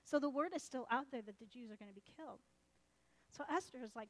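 A woman delivers a sermon as lively, conversational storytelling, jumping into character voices along the way. Her voice sits high, and her delivery is chatty and animated. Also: fast. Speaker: preacher.

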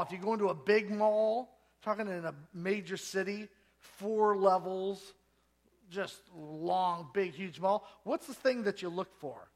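A man preaching a sermon, telling stories and acting out the voices of the people in them. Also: sits high. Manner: storytelling, acts out voices and quotes. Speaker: pastor.

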